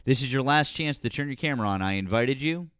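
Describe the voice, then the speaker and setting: A man hosting a live political call-in, blunt and exasperated, cursing as he talks. His voice sits mid-pitch, recorded dry and close. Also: lively intonation, quick pace, a bit bright, clear, resonant tone, no echo. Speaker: host. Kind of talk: live political talk stream.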